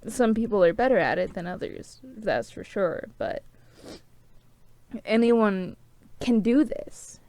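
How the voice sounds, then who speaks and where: Slow, sniffly young woman rambling. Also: mid-range voice, very animated, mellow. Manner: rambling, heavy use of "like". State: sniffly and tearful. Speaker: small-channel vlogger. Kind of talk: rambling casual to-camera chat.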